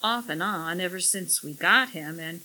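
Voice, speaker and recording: An easygoing young husband who speaks hesitantly and lets his sentences trail off, as a woman reads him. The voice is bright and breathy, set a touch above the reader's own. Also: fairly low pitch, normal speed, low-quality recording. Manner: tentative, trailing off mid-sentence. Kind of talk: audiobook character voice.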